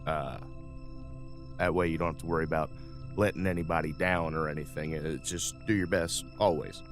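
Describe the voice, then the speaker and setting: A man's voice: extremely low pitch, fairly even intonation, brisk, soft background music, voice pushed down. A man voicing a genial, rambling starship captain of about seventy, talking in a folksy, chatty way.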